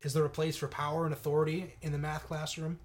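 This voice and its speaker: A man co-hosting a casual podcast, talking in a sarcastic, incredulous way and quick to mock ideas he finds absurd. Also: fairly high pitch, level tone. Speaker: podcast co-host.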